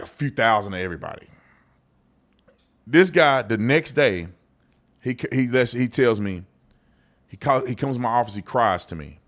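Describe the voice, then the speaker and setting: A man, the host of a live show, telling a story in a casual, animated way and acting out the other people in it. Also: on the low side. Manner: animated storyteller, acts out both sides of a phone call. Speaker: show host and business owner.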